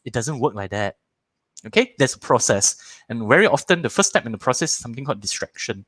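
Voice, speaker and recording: A man's voice: medium pitch, fast talker, no echo. A man in his thirties with a Malaysian English accent teaching a live online parenting workshop, repeating words for emphasis and acting out little scenes in different voices. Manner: animated, acts out little scenes in shifting voices.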